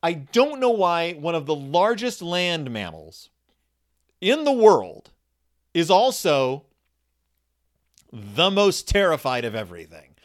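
Animated, sarcastic man retelling a story. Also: fairly high pitch. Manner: animated, sarcastic, acts out characters in quick asides. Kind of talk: comedic storytelling recap.

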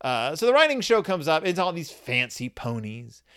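A man tells a story with comedic sarcasm, his voice sitting a little high. His pitch swings widely as he riffs and slips into brief character impressions. The delivery is lively and conversational. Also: smooth. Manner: animated, sarcastic, acts out characters in quick asides.

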